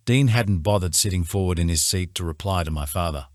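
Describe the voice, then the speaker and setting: Deep-voiced male audiobook narrator. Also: brisk, few pauses, darkish tone, no echo, studio quality. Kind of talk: scripted first-person narration.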